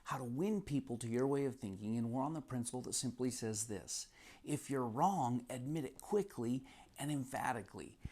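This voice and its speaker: A man's voice: mid-range voice, expressive, moderate pace, darkish tone. A man teaching from a self-help book, retelling an anecdote in an earnest, casual way with many repetitions. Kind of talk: casual storytelling lesson.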